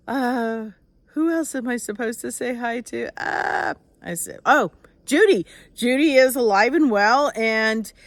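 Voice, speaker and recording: A woman's voice: mid-range voice, no room sound. An older woman, an author, with a nasal voice, chatting casually on a live stream, rambling and greeting viewers by name.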